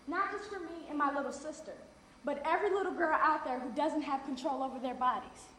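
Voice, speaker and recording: A woman's voice: high voice, fairly bright tone. An actress delivering an earnest, defiant monologue as a young woman. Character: young woman reclaiming her body. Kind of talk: stage monologue. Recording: echoey stage recording with faint noise.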